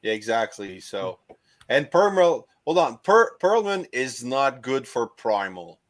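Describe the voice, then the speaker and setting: A man's voice: medium pitch, big pitch swings, measured pace. A man in casual panel chat, talking in an easygoing, agreeable way. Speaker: panel guest.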